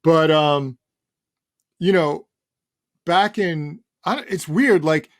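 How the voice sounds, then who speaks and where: Middle-aged man, interview guest, rambling casual talk, highish voice, dry close sound. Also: slow pace, no room sound. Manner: relaxed, rambling, swears casually. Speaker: guest, sneaker journalist.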